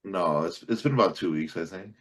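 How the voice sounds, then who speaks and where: A man's voice: deep voice, a little fast, a bit bright. A man co-hosting a podcast, chatting casually with short reactive replies. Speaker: podcast co-host. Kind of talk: casual chat.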